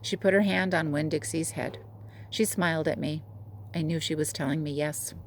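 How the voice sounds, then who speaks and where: A woman teacher reading a children's novel aloud to her class in a steady, gentle way. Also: low-pitched, moderate pace, slight background noise.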